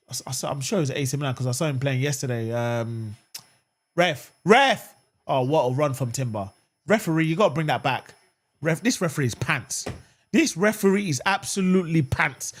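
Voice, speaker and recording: A man hosting a live watchalong of a football match, chatting with viewers and erupting at the referee. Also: a little high. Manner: animated, swings between calm chat and outraged shouting at the referee; reads and answers viewer comments. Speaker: fan channel host.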